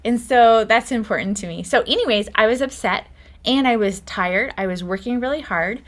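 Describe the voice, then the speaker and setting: A woman's voice: a little high, normal speed. A middle-aged woman hosting a podcast, telling stories in a chatty, casual way and laughing often. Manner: chatty storytelling with frequent laughter. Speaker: podcast host.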